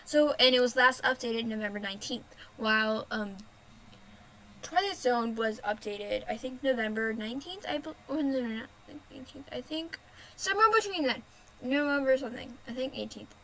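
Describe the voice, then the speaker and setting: Chatty high-voiced woman gamer. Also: normal speed, sharp tone, a little hiss or hum, poor audio. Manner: rambling, self-correcting, chatty. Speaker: gaming video host. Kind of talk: casual gameplay commentary.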